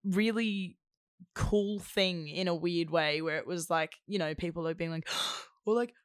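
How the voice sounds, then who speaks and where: Casual chat, animated, laughs mid-sentence, middle pitch, dry sound. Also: unhurried, smooth, no room sound. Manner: animated, heavy use of "like", laughs while talking.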